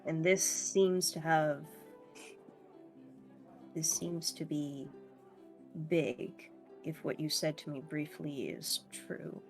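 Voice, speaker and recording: A woman voicing a grateful, solemn host who speaks quietly and hesitantly. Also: deep voice, slow, vocal fry, pauses often, soft background music, voice pushed down, exaggerated voice.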